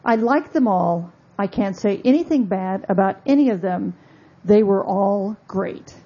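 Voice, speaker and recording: A woman's voice: mid-range voice, measured pace, dark tone, breathy edge, highs cut off. A woman voicing an elderly queen who answers politely and evasively, in a genteel, breezy manner.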